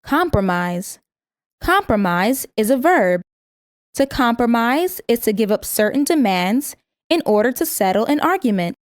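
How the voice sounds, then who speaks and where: A woman reading a scripted vocabulary lesson in a measured way, saying each word twice so learners can repeat it. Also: fairly high pitch, sing-song, no room sound, studio quality. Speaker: vocabulary instructor.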